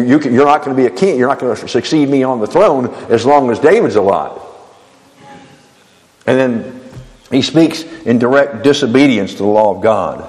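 A man's voice: mid-range voice, big-room sound, low-quality recording. A man preaching a sermon, often stumbling and repeating words as he goes.

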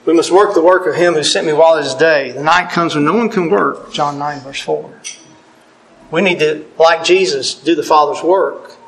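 A middle-aged man preaching a sermon, earnest and deliberate, quoting scripture with emphasis. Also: fairly high pitch, poor audio.

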